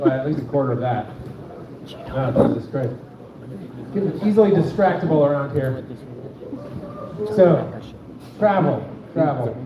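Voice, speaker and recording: A man's voice: fairly high pitch, background noise. A man doing a rambling stand-up set, chatting with the audience. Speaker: stand-up comic. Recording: echoey dull recording from a distance.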